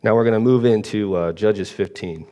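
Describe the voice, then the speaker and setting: A warm, fairly low-pitched preacher talks at normal speed in a church hall, where his voice trails off in a long reverb tail. His sermon rambles casually, and he keeps asking the congregation "right?"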